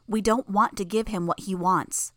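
A woman's voice: mid-range voice, steady tone, a bit bright, no echo, studio quality, natural voice. Sarcastic young woman, read by a woman. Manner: sarcastic, quick. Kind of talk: audiobook character voice.

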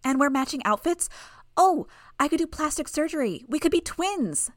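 A woman's voice: high voice, expressive, moderate pace, no echo, studio quality, voice pushed up. A woman voicing a creepy, cheerful little girl who is a surgeon, in a singsong, childish way. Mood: gleeful.

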